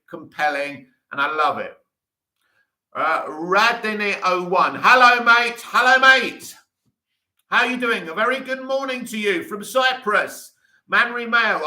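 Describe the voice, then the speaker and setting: A man chats casually on a live stream, answering viewer comments with eager enthusiasm and plenty of restarts. His voice is bright and forceful, sitting a little high. The room around him is echoey. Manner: enthusiastic, talks in restarts and asides. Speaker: livestream host reading viewer comments.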